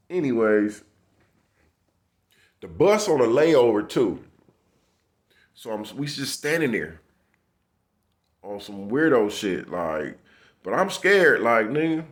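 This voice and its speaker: A man recounting a tense run-in on the street, talking loosely in heavy profane slang. He acts out both sides of the exchange in quoted lines. His pitch sits in a middle range for a man. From Los Angeles area. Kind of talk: casual storytelling.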